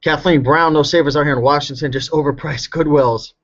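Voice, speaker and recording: A man chatting casually on a live stream, answering viewer questions about reselling clothes, relaxed and full of ums, a bit hoarse. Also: on the high side, fairly quick, highs cut off. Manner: relaxed, chatty, with many ums and you-knows. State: slightly hoarse.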